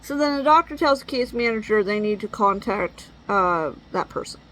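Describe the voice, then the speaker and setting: A woman's voice: mid-range voice, animated, normal speed, fairly bright tone, poor audio. Exasperated, blunt-talking woman. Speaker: parent venting. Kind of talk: venting monologue.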